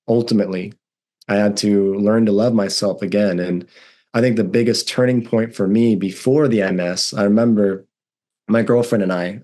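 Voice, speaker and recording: A man in his thirties with a fairly low voice speaks as a guest. He tells his story candidly, in an earnest and emphatic way, leaning into the strong feelings he describes. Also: darkish tone. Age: 30s.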